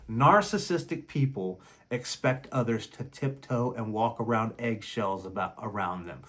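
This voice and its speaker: A man's voice: medium pitch, measured pace, hardly any pauses, a bit bright. A man hosting a relationship talk channel, speaking in a blunt, heated casual monologue and acting out quotes as he tells his story.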